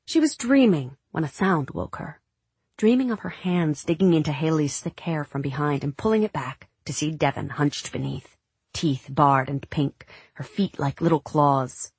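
A woman narrating a novel as an audiobook in a measured, literary reading. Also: low-pitched, darkish tone, slightly rough, dry recording. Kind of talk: scripted narration.

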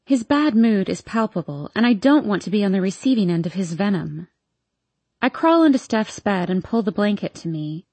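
Mellow, husky woman narrating softly. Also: medium pitch, expressive, normal speed, no echo. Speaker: audiobook narrator. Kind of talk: first-person romance narration.

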